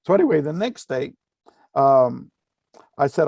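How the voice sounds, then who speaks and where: Man, middle-aged, gravelly, mellow tone, earnest storytelling talk. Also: medium pitch, expressive, normal speed, dry recording. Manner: earnest, full of fillers and repeated phrases. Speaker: speaker giving a talk.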